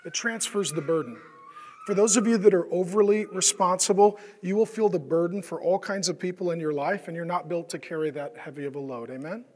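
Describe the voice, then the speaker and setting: A man's voice: sits high, a little fast, darkish tone, long reverb tail. A man preaching a conversational sermon as pastor, often asking the congregation questions and acting out the voices of the people he describes. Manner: conversational, asks the crowd questions, acts out quoted voices.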